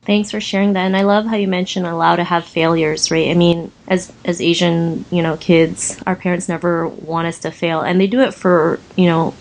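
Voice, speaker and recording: Encouraging woman podcast host, lower voice. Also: level tone, moderate pace, few pauses, poor audio. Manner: encouraging, reflective, fills with "you know". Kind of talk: interview conversation.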